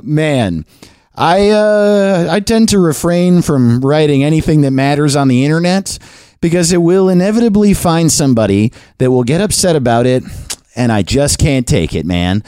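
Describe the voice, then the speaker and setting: A man hosts his own podcast in a rambling, self-deprecating monologue. His pitch swings widely as he talks. The sound is close and dry, with no room around it. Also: a little mellow, no echo. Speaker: podcast host. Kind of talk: casual monologue and chat.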